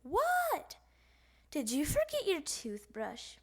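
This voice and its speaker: A patient mother frog from a children's storybook, as a woman reader puts her on, calling out in a high, singsong voice. The pitch lifts sharply on her calls. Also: huge pitch swings, slow pace, heavily acted. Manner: calls out in a singsong, sometimes scolding.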